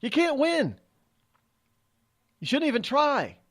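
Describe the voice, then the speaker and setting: A man's voice: very high voice, slow. A middle-aged man hosting a talk show, delivering an opinionated, sarcastic monologue and acting out the voices of others. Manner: animated, sarcastic, acts out quoted voices. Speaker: radio talk show host.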